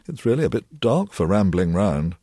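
A man voicing an indignant young gentleman who speaks very distinctly, polite on the surface but cross. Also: fairly low pitch, very animated, normal speed, slightly rough, no room sound, studio quality, voice pushed up. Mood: crossly polite. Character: indignant young Englishman, stiff and fussy.

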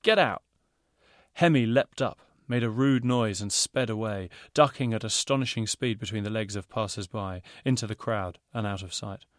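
A man, an author reading his own children's novel aloud in steady storytelling narration. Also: on the low side, normal speed, few pauses, dry recording, clean studio sound.

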